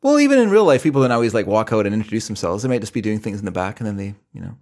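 A man's voice: on the low side, big pitch swings, very fast, a little mellow. A middle-aged man co-hosting a film podcast, recapping the plot in a rambling, casual way with many restarts. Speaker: podcast co-host.

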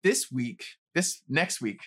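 A man's voice: medium pitch, animated, slow, a bit bright, slightly rough. Laid-back male podcast co-host. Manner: laid-back, teasing, laughs easily. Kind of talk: casual chat.

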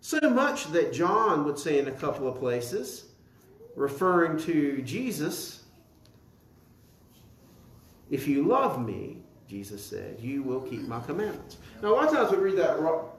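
A male pastor preaches in an echoey church. His voice sits high and swings widely as he builds each point, often repeating a word before pressing on. He keeps pulling the congregation in with questions. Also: a little slow, slight background noise. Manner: animated preaching with call-and-response questions to the congregation. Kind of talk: sermon. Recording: echoey room.

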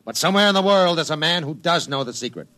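An actor playing a domineering, ruthless business tycoon in a 1950s radio drama, giving curt, clipped orders. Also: male voice, fairly high pitch, lively intonation, fast, sharp tone. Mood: commanding.

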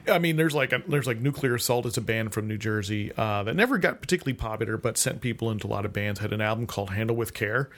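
A man's voice: medium pitch, brisk, fairly bright tone. A man from the United States, co-hosting a podcast, chatting casually with lots of restarts and laughs. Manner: rambling, many restarts and asides, laughs often. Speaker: podcast co-host. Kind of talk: casual conversation.

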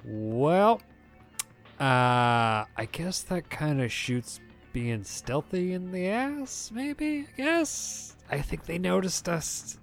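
A man's voice: fairly high pitch, animated, slow pace, gravelly, soft background music, voice pushed up, full character voice. A man voicing a brash, foul-mouthed woman photographer in a tabletop game, talking in a crude, sarcastic way. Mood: wry.

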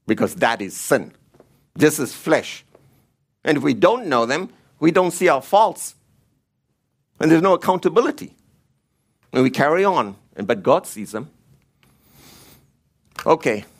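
Male Bible teacher, mid-range voice, animated pitch, emphatic and repetitive in stressing points. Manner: emphatic, repeats key words, rises in pitch when stressing. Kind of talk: church teaching with slides.

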